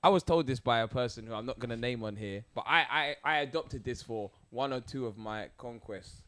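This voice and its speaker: A man's voice: mid-range voice, a little fast, fairly bright tone. A young man co-hosting a podcast, joking playfully in casual slang. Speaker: podcast co-host. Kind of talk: casual chat.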